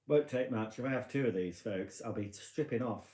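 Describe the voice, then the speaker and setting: A man's voice: mid-range voice, normal speed, warm tone. A tipsy man chatting casually on a live stream from his living room, rambling and poking fun at himself. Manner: rambling, chatty, self-mocking. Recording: echoey room.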